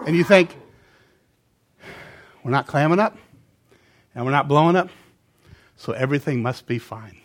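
A middle-aged man preaching a sermon, animated, swinging between loud emphasis and quiet asides. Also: on the high side, moderate pace, long pauses. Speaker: pastor.

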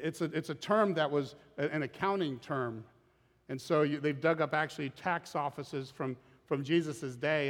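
A man preaching a sermon as pastor, animated and acting out scripture quotes in dramatic voices. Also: on the high side. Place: church auditorium. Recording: long reverb of a large hall.

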